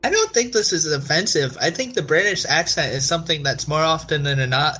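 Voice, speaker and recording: A man co-hosting a podcast in casual chat, dropping wry, deadpan jokes. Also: on the high side, a little fast, breathy edge. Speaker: podcast co-host.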